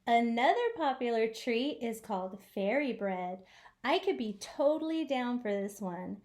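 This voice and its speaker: A woman's voice: a little high, animated, unhurried, a little mellow. A young woman from the United States hosting a travel vlog in playful, jokey scripted narration with theatrical asides. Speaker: vlog host.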